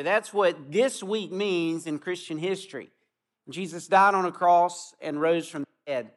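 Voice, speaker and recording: A pastor with a high voice preaches to a gathering outdoors. He tells stories with earnest warmth of purpose and draws out key phrases slowly for emphasis. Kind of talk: sermon.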